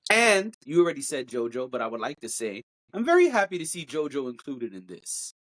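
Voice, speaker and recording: A podcast co-host in casual, animated chat, teasing and opinionated. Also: a little fast. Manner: animated, jumps pitch to mimic singers.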